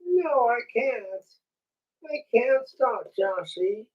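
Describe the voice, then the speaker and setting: A man's voice: extremely high pitch, animated, extremely slow, distant mic, muffled recording, pitched above the performer's own voice, full character voice. A man voicing a cheeky, crude male ventriloquist dummy with a monocle, who teases and taunts in a raised voice. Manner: taunting, rude and teasing.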